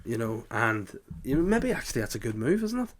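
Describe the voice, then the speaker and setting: A man's voice: mid-range voice, very animated, brisk, a crowd in the background. A man, co-hosting a podcast in casual chat, swearing and acting out quotes as he tells stories. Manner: swearing, storytelling with acted-out quotes. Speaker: podcast co-host.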